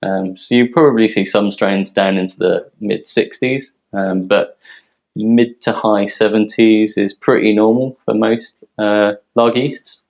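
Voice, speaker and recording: A man from a yeast company presenting technical details in a relaxed, explanatory way, with frequent ums. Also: lowish voice, unhurried, low-quality recording. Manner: explanatory, filler-heavy, relaxed.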